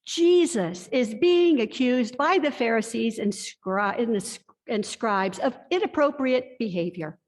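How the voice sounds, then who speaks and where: A woman pastor delivers a sermon at a slow, deliberate pace, her voice sitting a little high for a woman. Her words carry a long reverb from the church hall around her. She tells stories in an earnest, confessional way. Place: church sanctuary.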